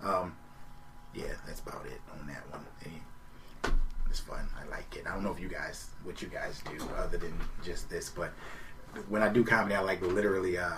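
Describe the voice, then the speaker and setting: A man's voice: low voice, normal speed, noisy background. Young man telling stand-up stories. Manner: laughing, animated retelling with quoted voices. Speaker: comedian guest. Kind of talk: casual storytelling. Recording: distant mic, loud group chatter.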